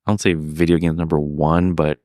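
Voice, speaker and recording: A man's voice: very deep voice, level tone, brisk, warm tone, no echo, clean studio sound. A man co-hosting a podcast in casual chat, mostly giving short replies to the storyteller.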